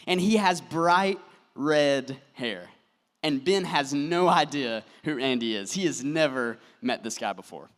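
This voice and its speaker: A young man telling a story as a motivational speaker, his voice sitting a bit high for a man. He sinks to quiet, slow lines to land a point. His voice rings out with a long reverb through a large hall. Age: young adult. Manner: storytelling, dropping soft and slow for emphasis. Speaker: convention speaker. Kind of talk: motivational speech.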